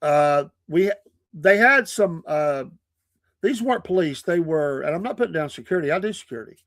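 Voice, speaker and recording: A man, a podcast host and preacher, telling stories in a casual, animated way, often breaking into laughter. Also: on the high side, normal speed, no room sound. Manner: animated, laughing often, acting out quoted people.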